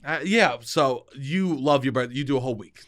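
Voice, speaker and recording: A man's voice: medium pitch, normal speed, a crowd in the background. A young man co-hosting a comedy podcast, chatting casually, jokey and self-deprecating. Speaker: podcast co-host.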